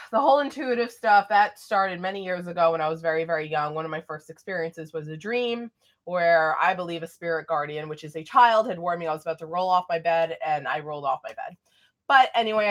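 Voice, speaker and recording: A woman's voice: lowish voice, a bit bright. A young woman vlogger chatting casually through a storytime, rambling with lots of fillers.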